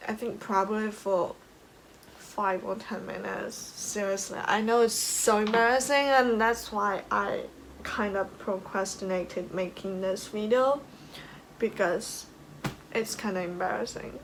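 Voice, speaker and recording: A woman's voice: mid-range voice, slow, vocal fry, bright, forceful tone, slight background noise, poor audio. A young woman from China telling a personal story to the camera in a casual, emotional way, laughing often and filling with "like". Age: young adult. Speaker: vlogger.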